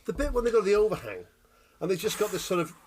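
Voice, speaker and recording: A man co-hosting a casual chat podcast, telling animated, sweary stories and checking in with "right?" after every point. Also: high-pitched, racing, a little hiss or hum. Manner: animated storytelling, sweary, keeps asking "right?". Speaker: podcast co-host.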